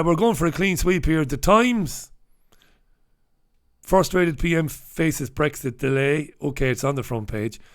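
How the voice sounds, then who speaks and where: A middle-aged man from the UK hosting a casual livestream, reading the papers and greeting viewers in an irreverent, swearing manner. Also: mid-range voice. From United Kingdom. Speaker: host.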